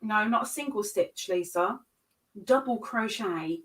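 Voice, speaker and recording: Giggly high-voiced woman crocheting. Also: expressive, slow, far from the mic. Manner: giggly, self-mocking, chatting to viewers while counting stitches. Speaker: crochet livestream host. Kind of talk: casual live-stream chat while crocheting.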